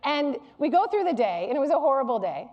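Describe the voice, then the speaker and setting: A middle-aged woman delivering a public lecture to a live audience. Her voice sits a little high, and she tells stories with a candid, humorous, animated manner. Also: fast talker, muffled recording.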